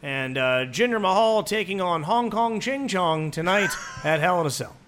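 A man's voice: high-pitched, lively intonation, moderate pace, fairly bright tone, a little hiss or hum. A man co-hosting a podcast, riffing crude jokes and mock announcements with plenty of swearing. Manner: joking, profane, mock-announcer riffs. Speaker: podcast co-host. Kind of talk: crude comedic banter.

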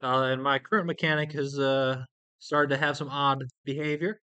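A man speaking in character in a tabletop game, halting with many fillers. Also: mid-range voice, fairly even intonation, bright, forceful tone, clean tone. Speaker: tabletop player. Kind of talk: in-character role-play.

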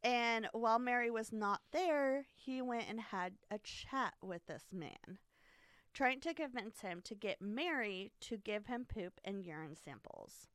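A woman chats her way through a history story, giggling often and stumbling over fillers and restarts. Her voice sits a touch high. The sound is dry and close, with no room around it. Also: lively intonation, measured pace, a bit bright, clean tone, no room sound. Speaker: podcast co-host telling a history story. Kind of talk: casual storytelling chat.

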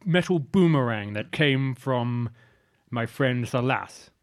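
A man's voice: mid-range voice, expressive, slow pace, no echo, studio quality. A man playing in a tabletop role-playing game, chatting with wry, playful remarks. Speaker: player. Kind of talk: casual tabletop game chat.

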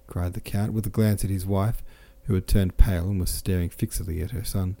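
Low gravelly male audiobook narrator. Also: fairly quick. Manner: steady, with small self-corrections. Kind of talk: audiobook reading.

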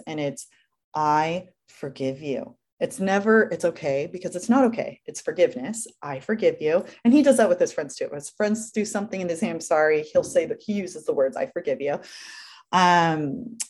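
A woman's voice: lowish voice, darkish tone. A young woman, a working mother, explaining her family routine step by step in an earnest, casual interview chat. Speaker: guest mother.

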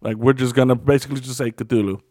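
A man's voice: mid-range voice, steady tone, quick pace, darkish tone, no echo, clean studio sound. A man co-hosting a podcast in casual chat, rambling and swearing often, restarting his sentences. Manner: rambling, profane, many restarts. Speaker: podcast co-host.

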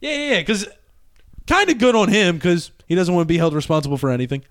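Young male podcast host, animated storyteller, slightly high voice, dry close sound. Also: quick pace, clear, resonant tone, dry recording. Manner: animated, swearing, laughing through story. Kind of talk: casual storytelling.

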